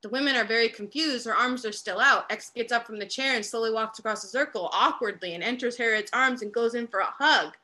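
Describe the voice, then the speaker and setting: Lady reading play stage directions, calm, bright voice. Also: on the high side, fairly quick, hardly any pauses. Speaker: playwright reading her work.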